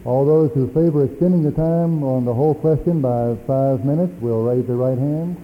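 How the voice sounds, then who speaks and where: A man moderating a church assembly, giving procedural rulings in a measured way. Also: mid-range voice, slight background noise. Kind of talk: parliamentary chairing. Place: large assembly hall. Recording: dull lo-fi archival recording.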